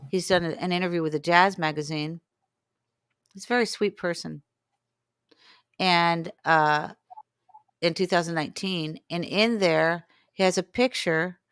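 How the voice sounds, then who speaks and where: A woman in her sixties with a low, smooth voice tells her story as an interview guest. She slips into the voices of the people she quotes. The sound is dry and close. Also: dry recording. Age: 60s. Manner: animated, acts out quoted dialogue. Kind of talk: storytelling in conversation.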